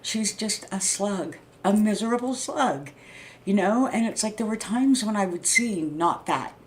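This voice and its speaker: A woman in her sixties talking loudly in a rambling, casual monologue, often checking in with "right?" and "you know what I mean?". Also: mid-range voice, expressive, a little slow. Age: 60s. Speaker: vlogger.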